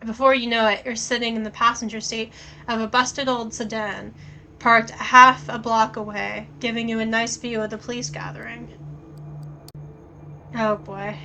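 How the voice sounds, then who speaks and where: Bright-voiced woman reading a game aloud. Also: a little high, little pitch movement, moderate pace, slight background noise, low-quality recording. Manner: casual, swears, thinks aloud. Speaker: streamer playing a story game.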